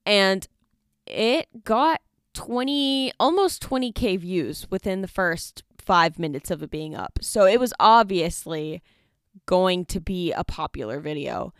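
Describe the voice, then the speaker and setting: A woman's voice: on the low side, measured pace, clean tone, no echo, studio quality. A woman in her twenties hosting a casual solo podcast, chatty and rambling with lots of fillers. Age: 20s. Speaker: podcast host. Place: dorm study room.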